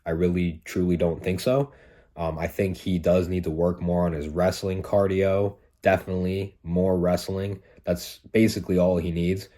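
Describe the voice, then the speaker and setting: Male host, low voice, casual conversational analysis, circles back to his points. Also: flat delivery, moderate pace, mellow. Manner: conversational, repeats points, frequent um and like. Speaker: fight breakdown host.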